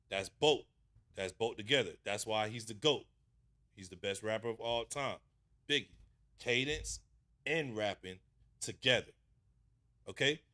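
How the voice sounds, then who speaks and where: Man, bright and sharp tone, animated casual commentary, street slang, coaching a rapper. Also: medium pitch. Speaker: host reviewing rap submissions.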